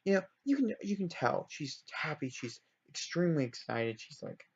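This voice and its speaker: On a dull lo-fi recording, a man with a husky, somewhat high voice animatedly narrates his life-sim game story at a normal pace. As a let's-play storyteller, he wanders off track, corrects himself often, and keeps apologizing.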